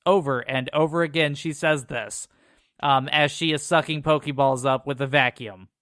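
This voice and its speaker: A man's voice: fairly high pitch, steady tone, moderate pace, fairly bright tone, no echo, studio quality. A man co-hosting a podcast, reading an episode summary in a casual way and dropping sarcastic asides. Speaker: podcast co-host recapping episodes.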